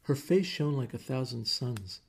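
A man narrating a story in a measured audiobook reading style. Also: mid-range voice, animated, creaky, breathy edge.

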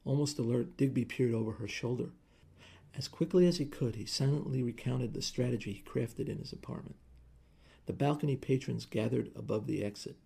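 A man narrating a story in a measured audiobook reading style. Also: mid-range voice, creaky, warm tone, slightly rough.

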